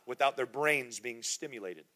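A man in his thirties preaching a sermon in a large church room, building to shouted call-and-response and dropping to quiet storytelling. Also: mid-range voice, moderate pace. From grew up in the United States, born in Germany. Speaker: pastor.

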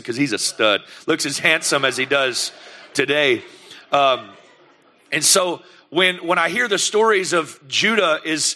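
Animated pastor, bright voice. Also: male voice, on the high side. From United States. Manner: animated, lively storyteller who acts out scenes. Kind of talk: sermon storytelling.

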